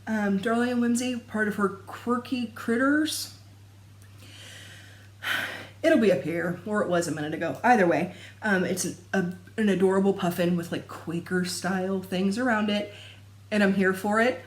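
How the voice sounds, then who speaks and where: Speaking at a moderate pace and medium pitch, a young adult woman chats to camera about her stitching in an echoey room. The cross-stitch vlogger rambles casually and laughs frequently.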